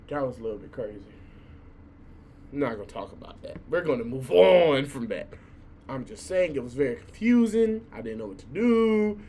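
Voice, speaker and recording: A young college man tells a messy story in a high, lively voice, swinging his pitch up and down as he goes. He swears casually and stumbles over repeated words. A faint background noise runs under the recording. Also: fairly quick. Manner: animated, excitable, swears freely, repeats words. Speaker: college student vlogger.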